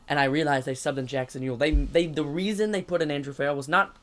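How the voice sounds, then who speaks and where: A man co-hosts a casual sports podcast, his voice sitting a little high for a man. He talks eagerly and rambles a bit, piling up details as he goes. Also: steady tone, fast talker, fairly bright tone. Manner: eager, rambling fan talk. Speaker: podcast co-host.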